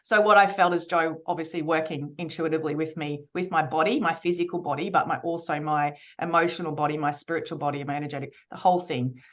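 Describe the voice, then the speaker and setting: A woman's voice: low voice, steady tone, fast talker, few pauses, lo-fi sound. A woman hosting a podcast, telling a personal story in an open, chatty way. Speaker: podcast host. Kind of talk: casual podcast intro.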